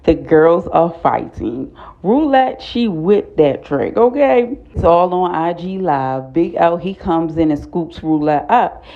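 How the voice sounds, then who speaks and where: A woman giving a casual, blunt, profane recap of a TV episode, talking in an animated way. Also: on the low side, slow, creaky, lo-fi sound. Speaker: TV recap vlogger.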